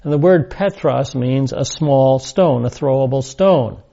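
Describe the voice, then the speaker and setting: Male Bible teacher, mellow and gravelly, deliberate and emphatic lecture delivery, muffled lo-fi recording. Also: mid-range voice. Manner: deliberate, emphatic, repeats key words.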